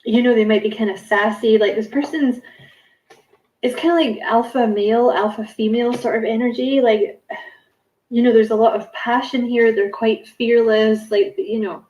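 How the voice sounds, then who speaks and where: A woman's voice: a little high, steady tone, moderate pace, darkish tone, reverberant, poor audio. A woman giving a casual spiritual card reading to camera, musing and rambling with many fillers and self-corrections. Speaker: tarot card reader.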